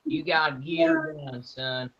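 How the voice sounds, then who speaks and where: A man's voice: mid-range voice, fairly even intonation, measured pace, lo-fi sound. A man joining a casual group chat with blunt, joking reactions.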